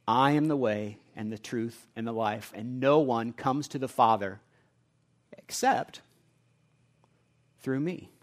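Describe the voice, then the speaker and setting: A man preaching a sermon, earnest and conversational, moving between quiet reflective passages and emphatic repeated lines. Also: mid-range voice. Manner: earnest, builds from quiet asides to emphatic repetition. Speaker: pastor.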